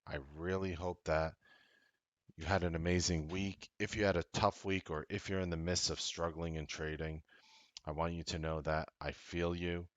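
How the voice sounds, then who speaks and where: A man hosting a trading show, giving a casual, blunt motivational talk that grows loud and emphatic, with frequent swearing. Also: low-pitched, little pitch movement, moderate pace, dry recording, muffled recording. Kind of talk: motivational talk to a live audience.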